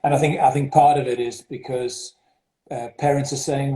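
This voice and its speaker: A mellow-voiced man with a South African accent speaks as a headmaster in an interview. He hesitates often, with fillers and restarts, and his voice sounds echoey in a roomy space. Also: mid-range voice, flat delivery, moderate pace. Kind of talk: interview over video call. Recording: roomy echo.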